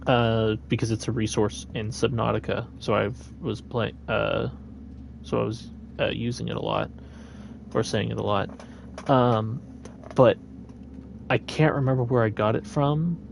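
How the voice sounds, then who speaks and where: A man's voice: medium pitch, fairly even intonation, takes it slowly, gravelly, pauses often, slight background noise. A man chatting his way through a live gameplay stream, meandering and thinking aloud.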